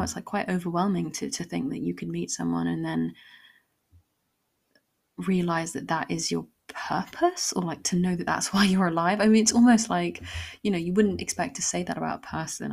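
A woman's voice: fairly low pitch, vocal fry. A woman hosting a solo podcast, talking in a reflective, meandering way with many fillers and restarts. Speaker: podcast host. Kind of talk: casual solo podcast ramble.

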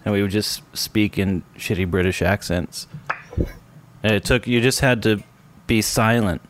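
A man's voice: lowish voice, a little slow, a little hiss or hum. A man hosting a casual chat, cracking jokes and bantering with his guests. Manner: wisecracking, joking banter. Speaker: podcast host.

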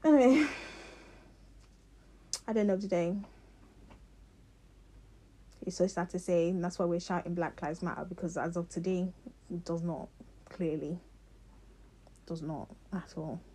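A woman's voice: on the low side, measured pace, pauses often, warm tone, husky. A young woman ranting to her viewers in a passionate, rambling way, with many restarts. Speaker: vlogger. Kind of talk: casual rant to camera.

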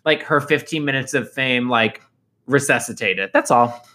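Bright-voiced man chatting casually. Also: medium pitch, moderate pace. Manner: playful, says "like" a lot. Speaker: podcast co-host. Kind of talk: casual chat.

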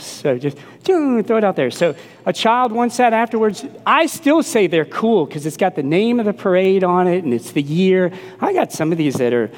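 A middle-aged man from New Orleans delivers a sermon in an animated, emphatic way, slipping into the voices of the people he quotes. His voice sits a little high for a man. It carries a long, ringing reverb from a church hall. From New Orleans, USA. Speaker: pastor.

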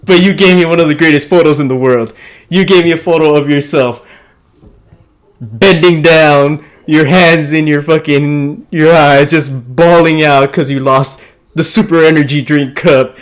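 A man's voice: on the high side, steady tone, a little slow. A man co-hosting a soccer podcast, giving profane, mocking rants and laughing at his own jokes. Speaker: podcast co-host. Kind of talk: casual soccer banter.

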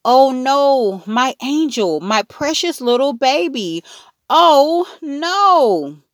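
A woman voicing a frantic, doting mother who talks in a shrill, pleading way, in a storybook reading. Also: animated, slow, a bit bright, no echo, studio quality.

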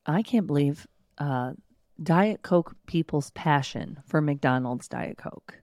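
Low-voiced lady cohosting a pod, chatty and giggly, dry close sound. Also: expressive, slow, darkish tone, dry recording. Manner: chatty, laughs often. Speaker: podcast co-host. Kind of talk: casual chat.

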